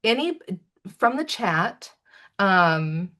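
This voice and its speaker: A woman's voice: mid-range voice, very animated, very slow, bright, forceful tone. A woman hosting a live online Q&A, chatty and self-deprecating, with many fillers. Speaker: livestream host. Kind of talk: casual chat.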